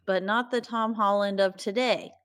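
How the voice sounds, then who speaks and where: A podcast co-host recaps a horror movie in casual chat, rambling with fillers and laughs. Her mid-range voice is bright, clear and resonant, with fairly even intonation and a normal pace.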